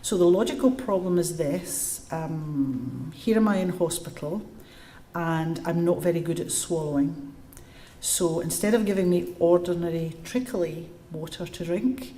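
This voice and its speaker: A woman's voice: sits low, a little slow, slight background noise. A woman giving a public lecture to a live audience and answering questions, telling stories and explaining step by step. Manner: lively storytelling, explains step by step. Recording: echoey room.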